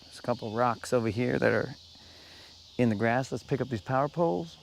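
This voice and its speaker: A man's voice: mid-range voice, a little fast, creaky, slight background noise. A man streaming live from a boat on a lake, talking casually to his viewers while he fishes and often calling them "bro". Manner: laid-back, chatty, says "bro" often. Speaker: fishing streamer.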